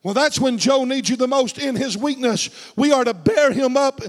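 A male preacher with a strikingly high voice and a drawl delivers a sermon. He drops to low, quiet asides, then builds up to shouted peaks, and he keeps asking the congregation for an amen. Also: normal speed, big-room sound. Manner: swings between low, hushed asides and shouted climaxes; calls for amens from the congregation.

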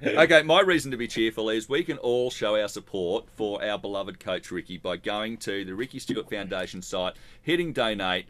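A man's voice: lowish voice, moderate pace, few pauses, fairly bright tone. A man co-hosting a casual sports podcast with a dry, sarcastic manner. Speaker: podcast co-host. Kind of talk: casual chat.

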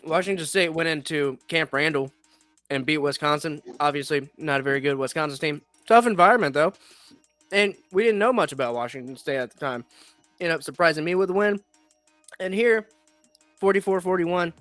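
A man's voice: on the high side, fairly quick, fairly bright tone, dry recording, soft background music. A young man hosting a casual sports podcast, talking in a blunt, profane, rambling way. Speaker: podcast host.

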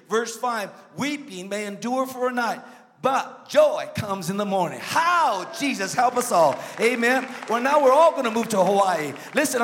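Guest pastor guy preaching, real high voice, shouts then jokey mutters, big echoey church. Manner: emphatic preaching, swings from shouts to low asides; joking asides to the congregation. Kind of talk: sermon. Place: church sanctuary. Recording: long church reverb.

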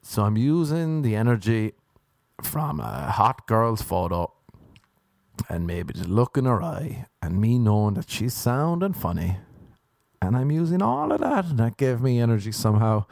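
A man's voice: mid-range voice, big pitch swings, measured pace, vocal fry, a little mellow, no room sound. A young Irish man hosting a podcast, telling rambling, self-mocking stories on his own. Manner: meandering, self-mocking storytelling. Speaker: podcast host. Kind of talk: rambling solo podcast monologue.

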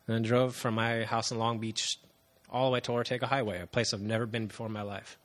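A man in his thirties giving an earnest, halting personal testimony to a congregation, with frequent pauses and fillers. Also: medium pitch, level tone. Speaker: church member giving testimony.

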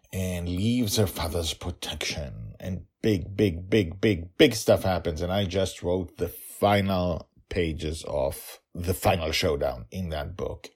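A man with a low voice hosts a podcast, talking with real enthusiasm and doubling up words for emphasis. His pitch swings widely as he chats and then reads the story. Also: vocal fry, a little mellow, husky. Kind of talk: excited podcast chat and story narration.

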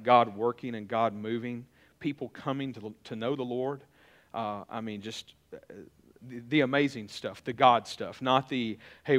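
A middle-aged male pastor giving a conversational sermon, often repeating and restarting his phrases. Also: mid-range voice.

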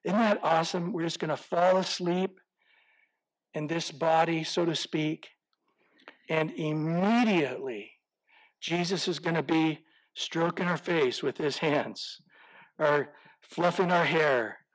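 A man delivering a sermon with a fairly high-pitched voice. He reads scripture aloud and stops to ask his listeners rhetorical questions. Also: takes it slowly, rough recording. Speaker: pastor.

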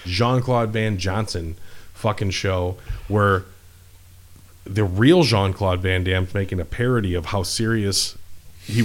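A man with a very low voice holds forth in loose, laid-back chat. He rambles and swears freely as he talks. His delivery stays easygoing and conversational. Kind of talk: casual chat.

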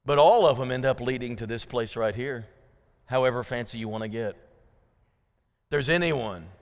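An American man preaching a sermon as pastor, swinging from loud, rising passion to low, intimate appeals. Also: clean tone. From United States. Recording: hall reverb.

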